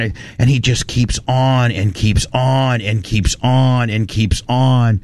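Animated man ranting on talk radio. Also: mid-range voice, takes it slowly, hardly any pauses. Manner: animated storytelling, ranting, frequent restarts. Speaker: radio show host. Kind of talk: casual talk radio banter.

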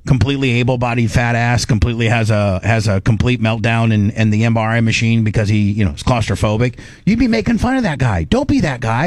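A man's voice: mid-range voice, animated, quick pace, hardly any pauses, no echo. A middle-aged man hosting a radio talk show, casually telling a story and acting out his own panicked inner voice. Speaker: radio host.

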